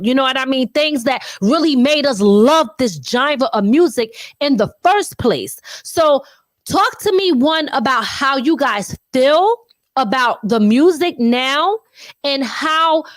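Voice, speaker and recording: A woman's voice: high voice, dry recording. A woman from the US hosting an interview, chatty and loose, laughing easily. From United States. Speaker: interview host. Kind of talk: casual interview chat.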